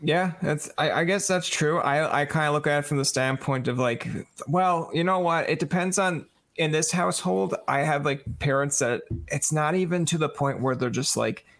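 A male podcast host with a slightly high voice tells stories with energy. He acts out both sides of arguments as he goes and keeps the chat loose. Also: moderate pace, few pauses. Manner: animated storyteller, acts out quoted exchanges.

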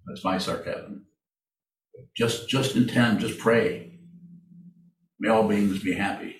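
A man leading a meditation Q&A, speaking slowly and haltingly, often repeating his phrases. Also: on the low side, steady tone, a little hiss or hum. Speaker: meditation teacher. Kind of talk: Q&A in a dharma talk. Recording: echoey room from far off.

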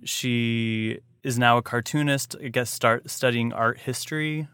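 A man hosting a podcast in casual chat, playful and quick to laugh. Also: mid-range voice, steady tone, a bit bright, clean tone, dry recording. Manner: playful, laughs often, acts out quotes. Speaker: podcast host.

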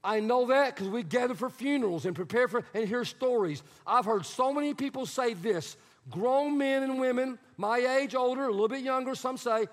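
A man's voice: very high-pitched, moderate pace. A man pastor preaching a sermon in a church sanctuary, conversational and emphatic, repeating his key phrases. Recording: long hall reverb.

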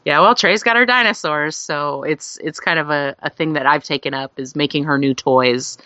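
A woman's voice: low voice, normal speed, pushed and bright, no echo. A woman telling a long anecdote as a guest, rambling with fillers and laughing often. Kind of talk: casual storytelling. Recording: dull lo-fi recording.

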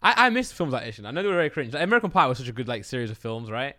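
A young man chatting casually as a podcast co-host, rushing through his words at a quick pace. He rambles, hesitates and repeats himself a lot. His voice is recorded dry and close. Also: mid-range voice, big pitch swings, sharp tone, dry recording. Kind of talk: casual chat among friends.

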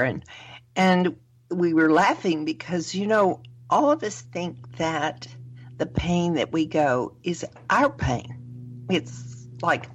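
A woman with a low voice hosting a casual radio talk show. She introduces topics and backs up her guest with laughs and quick affirmations.

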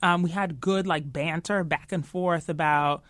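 Woman, interview guest, animated, lots of "you know", low voice, dry sound. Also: unhurried, dry recording. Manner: animated, frequent "you know", laughs easily. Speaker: guest, tech executive. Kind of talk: casual interview chat.

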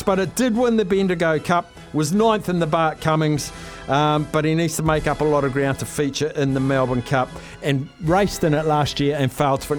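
A man hosting a phone-in radio segment, upbeat and excitable as he rattles off racing form. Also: a little high. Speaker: radio host.

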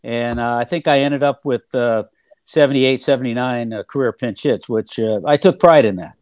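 A man's voice: mid-range voice, moderate pace, a little mellow, no echo, clean studio sound. Older man recalling baseball days. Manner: rambling, filler-heavy recollection with frequent restarts. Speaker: former player and TV analyst, guest. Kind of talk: relaxed interview storytelling.

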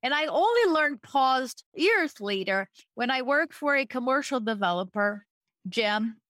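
Woman podcast host, casual chat, anecdotal asides, higher pitch, dry sound. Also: sing-song, a bit bright, no echo. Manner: chatty, anecdotal, quick asides.

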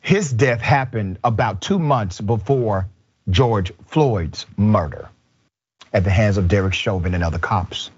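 A man hosting a political commentary show with an emphatic, measured delivery. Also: lowish voice, breathy edge. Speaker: show host. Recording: dull, lo-fi sound.

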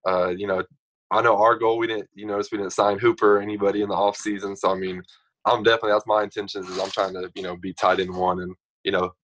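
Young man, low voice, lively storytelling. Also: fast, a little hiss or hum, poor audio. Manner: animated storyteller, acts out others' lines. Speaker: guest. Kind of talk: casual storytelling.

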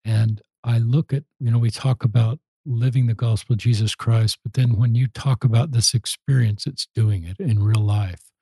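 A man hosting an interview, speaking thoughtfully and gently. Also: medium pitch, steady tone, normal speed, husky, no room sound, low-quality recording. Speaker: host. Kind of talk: interview conversation.

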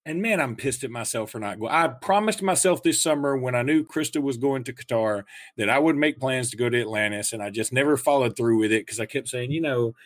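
A man's voice: medium pitch, a little fast, hardly any pauses, no echo. A man hosting a podcast, rambling in a wry, casual way about betting, travel and holidays. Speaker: podcast host. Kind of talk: casual chat.

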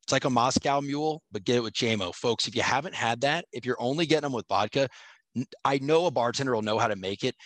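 A man's voice: mid-range voice, a bit bright, dry recording. A man co-hosting a podcast with jokey, playful banter in a casual chat. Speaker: podcast co-host.

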